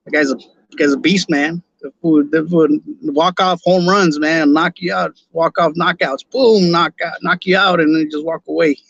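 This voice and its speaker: A Chicano man from Los Angeles chats loosely on his podcast stream, speaking in a slightly higher voice and tripping over his own restarts. The sound is dry and a bit dull. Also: steady tone, moderate pace, gravelly, a bit bright, no echo. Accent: Chicano English. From Los Angeles, California. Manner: laid-back slangy talk, many restarts and repeated words. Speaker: podcast host. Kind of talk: casual live-stream chat.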